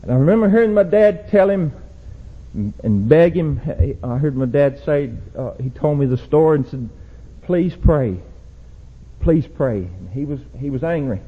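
Young preacher, husky and a bit high-voiced, building from hushed warnings to shouted calls, on a muffled old recording. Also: male voice, very animated, moderate pace. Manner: rises to loud shouted exhortation, drops low and quiet. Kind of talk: sermon. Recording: dull lo-fi church recording.

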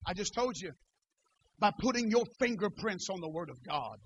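High-voiced man preaching a fiery sermon. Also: expressive, moderate pace, breathy edge. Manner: preaching with big swings from shouting to near-whispered asides; reads scripture aloud in formal old-style wording. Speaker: pastor.

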